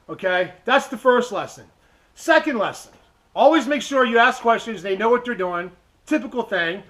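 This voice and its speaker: A man's voice: high-pitched, fairly bright tone. A man hosting his car channel, talking casually and heatedly to viewers, giving blunt advice and often tagging his points with "okay?". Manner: gives blunt advice in a preachy tone. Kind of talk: casual vlog talk to viewers.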